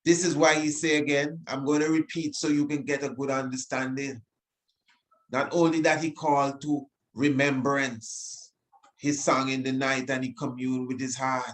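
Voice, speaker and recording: A man teaching the Bible on the radio, emotional, repeating phrases and reading scripture slowly with emphasis. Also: medium pitch, level tone.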